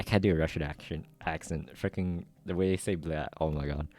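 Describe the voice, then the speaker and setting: A man's voice: extremely low pitch, steady tone, fairly quick, hardly any pauses, a little mellow, dry recording, faint music behind. A man doing a casual story readthrough, reading aloud and adding his own comments between the lines. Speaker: reader.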